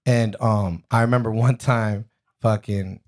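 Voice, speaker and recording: A man's voice: fairly low pitch, fairly even intonation, measured pace, a little mellow. A man guesting on a podcast, talking in a loose, profane, slang-heavy way with lots of restarts. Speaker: rapper guest. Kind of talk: casual podcast chat.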